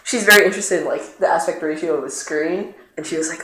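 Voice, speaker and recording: A streamer talks loosely over gameplay, piling up fillers and restarts with sudden leaps in pitch. The voice sits in a middle register. It rings in a roomy space with a faint hiss behind it. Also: fast, hardly any pauses, bright, forceful tone. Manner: rambling, many fillers, sudden pitch jumps. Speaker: streamer playing the game. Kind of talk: casual chat over gameplay. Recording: roomy echo, faint noise.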